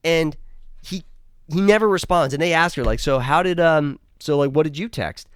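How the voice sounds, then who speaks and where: A man's voice: a little high, moderate pace, clear, resonant tone, no room sound, clean studio sound. A man reviewing a TV episode in a casual, profane, exasperated rant. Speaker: show reviewer.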